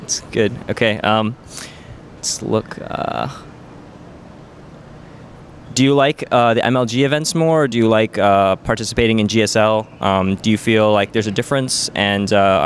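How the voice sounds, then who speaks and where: A man's voice: lowish voice, fairly even intonation, normal speed, slight background noise. A man interviewing a player at a gaming event, chatty and playful, with lots of "um" and "like". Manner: chatty, filler-heavy, playful. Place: busy gaming event venue.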